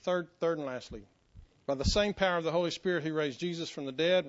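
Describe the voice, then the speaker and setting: A middle-aged man preaching a sermon in a folksy, self-joking way, softening his voice for personal stories. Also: a little high, quick pace. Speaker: pastor. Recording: muffled lo-fi sermon recording.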